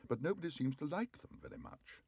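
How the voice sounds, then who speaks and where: Man doing a polite little bear, prim and earnest, a bit higher, husky, swings around in pitch. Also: huge pitch swings, a little fast, dark tone, slight background noise, full character voice. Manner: prim, earnest, well-mannered.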